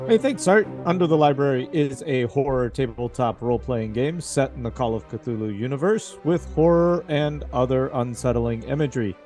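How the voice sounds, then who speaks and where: A man's voice: mid-range voice, animated, moderate pace, few pauses, a little mellow, faint music behind. A man running a tabletop horror game as game master, jokey and laughing easily, restarting his sentences.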